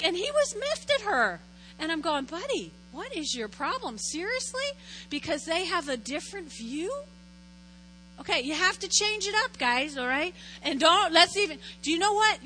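A high, bright female pastor in midlife who preaches like she's chatting with friends. She tells animated stories and keeps tossing in quick "right?" check-ins, with a faint hum underneath. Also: poor audio. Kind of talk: conversational sermon.

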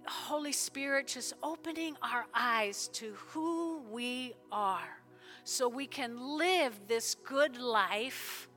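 A woman pastor preaching in a church service, fervent, with sudden loud bursts and soft prayerful stretches. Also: fairly high pitch. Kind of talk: sermon with altar call prayer.

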